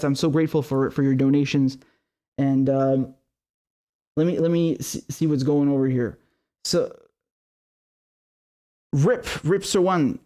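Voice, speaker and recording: A man's voice: fairly high pitch, darkish tone. A man hosting a political livestream, reading viewer messages and then ranting in an angry, profane, repetitive way. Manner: profane, angry, repeats himself. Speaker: political commentary host.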